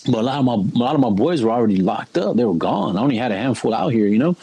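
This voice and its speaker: A man's voice: medium pitch, expressive, racing, mellow, breathy edge, low-quality recording. A young man telling his life story in a casual, slangy way, keeps saying "bro". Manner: laid-back street slang, keeps saying "bro" and "you know what I mean". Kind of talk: casual spoken testimony.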